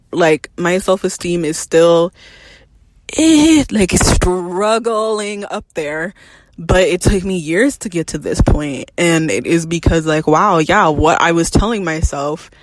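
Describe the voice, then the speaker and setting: Frank, animated young woman podcaster. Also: fairly low pitch. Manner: frank and animated, swears freely, laughs between thoughts. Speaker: podcast host. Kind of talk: candid personal podcast monologue.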